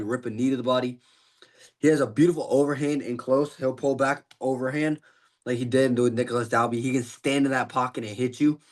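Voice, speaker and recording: A man talking through fight predictions in a loose, rambling way, with plenty of fillers. He sounds tired and a little out of breath. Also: medium pitch. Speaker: podcast host giving fight predictions. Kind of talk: casual fight breakdown.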